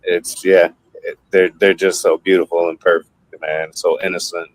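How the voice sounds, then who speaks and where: A man co-hosting a podcast, speaking earnestly in halting phrases that repeat words and often add "man". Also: low-pitched, flat delivery, poor audio. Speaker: podcast co-host. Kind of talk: casual podcast chat.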